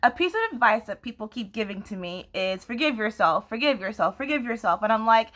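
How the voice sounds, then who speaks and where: A young woman with a bright, forceful voice and a fairly high pitch, talking straight to her viewers. Her vlog talk is candid and loose, with lots of laughing along the way. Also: expressive, brisk, few pauses. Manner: candid, laughs often, restarts and fillers. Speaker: vlogger.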